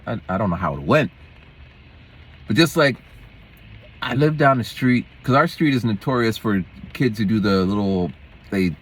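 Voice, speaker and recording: A man with a husky, slightly raspy voice telling a story in a casual vlog. His pitch swings widely as he rambles and hops from one thought to the next, the way a teacher chats off the clock. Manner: rambling, digressive, jumps between topics. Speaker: schoolteacher and vlogger.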